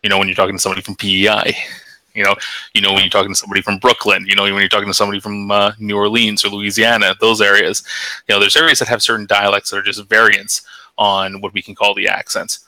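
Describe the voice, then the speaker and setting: A man's voice: fairly low pitch, monotone, fast, pushed and bright, no echo, rough recording. A Canadian man chatting casually in a group podcast, rambling and repeating words.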